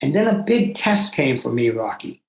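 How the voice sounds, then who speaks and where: Animated older man in a roomy echo. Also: mid-range voice, moderate pace. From Massachusetts, USA. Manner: animated and emphatic, with self-talk asides. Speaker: guest. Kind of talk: personal storytelling.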